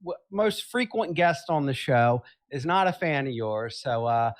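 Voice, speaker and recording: A man co-hosting a podcast, talking haltingly with many fillers and laughing easily. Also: medium pitch, expressive. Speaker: podcast co-host. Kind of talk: casual chat.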